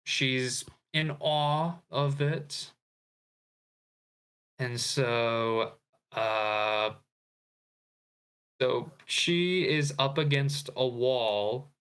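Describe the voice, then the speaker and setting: A man's voice: medium pitch, a bit bright, clear, resonant tone. A man co-hosting a podcast in casual chat, retelling a script with fillers and asides. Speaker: podcast co-host.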